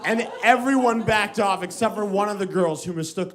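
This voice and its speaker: A man's voice: high voice, moderate pace, slight background noise. An American man performing stand-up comedy, telling a story and acting out the voices of the people in it. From United States. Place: comedy club stage with live audience. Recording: live stage recording, loud crowd laughter.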